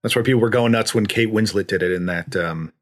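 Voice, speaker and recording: A man's voice: on the low side, fast talker. A man co-hosting a podcast in casual chat, rambling with restarts and trailing asides. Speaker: podcast co-host.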